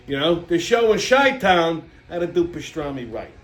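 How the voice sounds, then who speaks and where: A man's voice: on the high side, very animated, moderate pace, fairly bright tone. A man hosting a comedy show, ranting in a brash, profane, exasperated way. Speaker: host. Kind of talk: comedic rant. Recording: echoey room with faint music.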